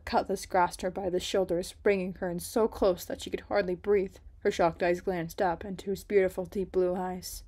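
A woman reading a romance story aloud in a soft, dramatic way. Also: on the low side, steady tone, moderate pace, few pauses. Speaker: story reader.

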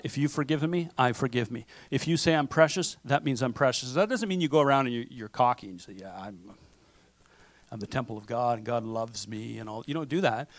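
A man pastor with a slightly higher voice preaches in a relaxed, conversational way and keeps checking in with his listeners. He acts out the things people tell themselves. The sound is close and dry, with almost no room around it. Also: dry recording. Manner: conversational preaching with frequent "okay?" and acted self-talk. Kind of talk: sermon. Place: church sanctuary.

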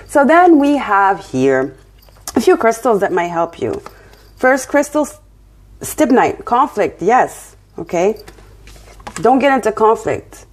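A woman's voice: on the high side, husky. A woman with a French accent giving a casual tarot reading, encouraging and often checking in with her listener. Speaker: tarot reader.

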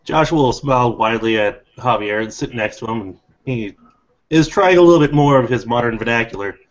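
A man's voice: mid-range voice, brisk, a bit bright. A man playing a tabletop game, describing his character's actions with a few fillers, on a dull lo-fi recording. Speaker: player.

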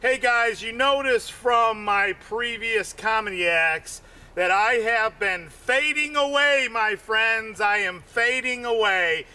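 A man's voice: sits high, slow, bright, forceful tone. A man doing comedy, telling a long rambling story full of fillers and repeated words.

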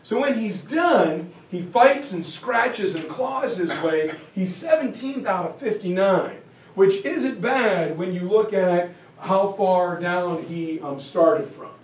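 Folksy, animated male history lecturer. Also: high-pitched, slow. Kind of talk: casual storytelling lecture. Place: school meeting room. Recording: echoey room, from far off.

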